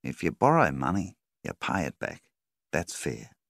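A man's voice: rumbling low, huge pitch swings, a little slow, creaky, a bit bright, no room sound, studio quality, full character voice. A man voicing a polite, evasive male bank manager who talks apologetically and persuasively. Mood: soft.

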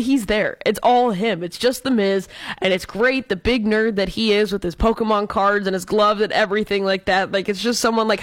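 An upbeat woman co-host chatting about sports with real excitement and firm opinions. Her voice sits in a middle register and sounds close and dry, with little room around it. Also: medium pitch, no echo. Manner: enthusiastic, opinionated fan talk. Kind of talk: casual sports talk.

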